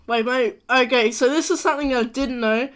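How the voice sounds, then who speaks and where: A young man hosting a casual live stream chat, talking in a rambling, halting way with frequent restarts. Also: very high voice, a bit bright, smooth.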